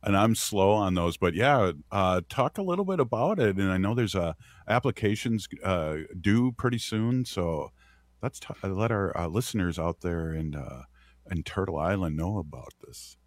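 A man's voice: low-pitched, moderate pace, dry recording. A middle-aged man hosting a radio show from Minnesota, chatting casually with guests, with lots of "uh" and laughs. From Twin Cities, Minnesota. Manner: relaxed, chatty, many fillers and laughs. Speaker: radio host.

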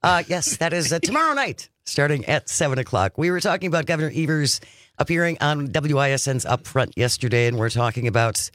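A man in a radio studio co-hosts a casual talk show, chatting and reading out listener texts. His voice sits a little high, and the sound is dry and close. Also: a bit bright, no echo. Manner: conversational, reads listener texts aloud.

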